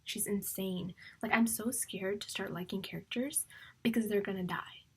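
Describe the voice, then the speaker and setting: A woman's voice: mid-range voice, fairly even intonation, normal speed, husky. A young woman chatting about her reading on a vlog, rambling and emotional, often dropping into a whisper. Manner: filler-heavy, repeats "like". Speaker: book vlogger. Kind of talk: casual reading vlog chat.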